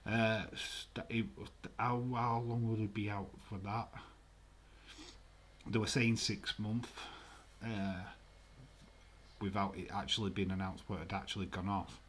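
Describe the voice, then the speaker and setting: A man's voice: fairly low pitch, level tone, measured pace, a bit bright, a little hiss or hum. A man hosting a live stream, chatting casually in a rambling way, swearing freely and reading viewer comments aloud. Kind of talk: casual watch-along chat.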